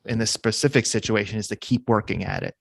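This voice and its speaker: A man's voice: on the low side, steady tone, fast, vocal fry, husky, dry recording. A man co-hosting a podcast, speaking in a thoughtful, reflective way. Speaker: podcast co-host. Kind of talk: casual interview talk.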